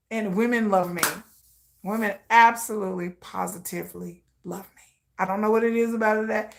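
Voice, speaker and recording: A woman's voice: medium pitch, gravelly. A woman telling candid personal stories in a blunt, profane way, with laughing asides. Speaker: vlogger.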